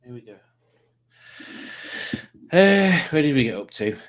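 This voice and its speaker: A man's voice: a little high, big pitch swings, unhurried. A man hosting a casual livestream, chatting and joking while he reads viewer comments aloud. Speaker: livestream host.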